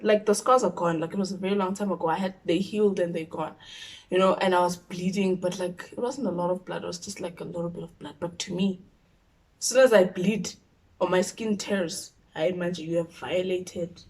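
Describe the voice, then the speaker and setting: A South African woman telling a personal story on her vlog, animated, dropping to a whisper when she quotes her own thoughts. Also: mid-range voice, low-quality recording. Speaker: YouTuber.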